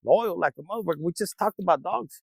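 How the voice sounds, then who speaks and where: High gravelly man, swearing tarot reader. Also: expressive, fast, no room sound, poor audio. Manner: rambling, streetwise, swears freely. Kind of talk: casual tarot reading to camera.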